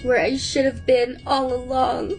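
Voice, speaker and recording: A man voicing a cold, bitter young woman, speaking slowly with contempt. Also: very high-pitched, completely flat delivery, faint music behind, pitched above the performer's own voice. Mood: cold disdain.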